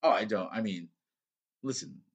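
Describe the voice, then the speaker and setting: A man's voice: fairly low pitch, normal speed, slightly rough, highs cut off. A man, a podcast co-host, telling crude stories in casual, mock-defensive chat.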